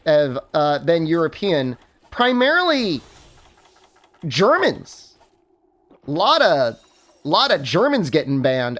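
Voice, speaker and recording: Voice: medium pitch, fairly bright tone, a little hiss or hum. A game streamer chatting casually while playing, rambling with many fillers and restarts and laughing at their own stories. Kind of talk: casual livestream chat while gaming.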